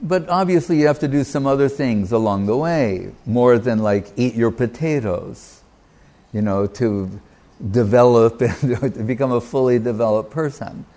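A man speaking as a spiritual teacher in a devotional talk, his voice sitting at an ordinary middle pitch. He talks in a reflective, unhurried way, pausing often and working Sanskrit verses into his explanation. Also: warm tone. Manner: reflective, unhurried, with pauses and fillers.

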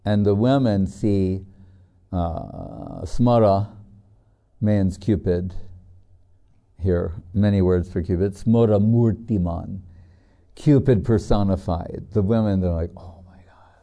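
Slow, dark-voiced man giving a devotional talk. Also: sits low, fairly even intonation, vocal fry. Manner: storytelling, chatty with many fillers. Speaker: spiritual teacher. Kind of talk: devotional scripture lecture with anecdotes.

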